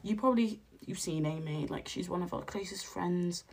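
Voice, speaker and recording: A young woman with a hoarse, husky voice, chatting casually as she recounts a night out in an animated, slangy way. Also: moderate pace. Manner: animated, slangy, jumps to high exclaims when quoting. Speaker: podcast host.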